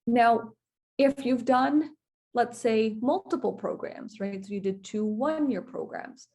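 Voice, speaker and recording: A woman's voice: on the high side, slow, darkish tone. Woman explaining rules in a webinar. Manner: explanatory, checks in with "okay?" and "right?". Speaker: immigration lawyer presenter. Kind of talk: webinar presentation. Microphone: webinar computer mic.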